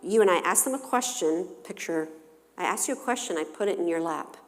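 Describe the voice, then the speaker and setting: A woman counselor gives a parenting seminar in a church hall, with a voice pitched a little low. She keeps her listeners involved by posing questions to them. Her voice carries a long reverb from the large room. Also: lively intonation, fairly quick. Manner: engaging, poses questions to the audience. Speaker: family counselor giving a talk.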